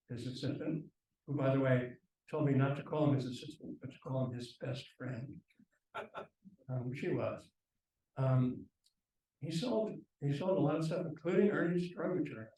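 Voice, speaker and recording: A man giving a slideshow lecture at a university, relaxed and halting, with frequent ums and restarts. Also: mid-range voice. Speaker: guest lecturer. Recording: echoey lecture room from far off.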